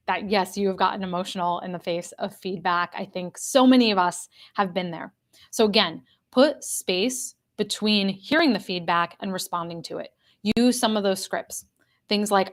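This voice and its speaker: An earnest woman coach leads a live online class, her pitch sitting in an ordinary middle range. She speaks straight to the people in the chat and repeats her main points so they sink in. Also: unhurried. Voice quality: addresses a live chat audience directly. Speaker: executive coach. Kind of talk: live online workshop talk.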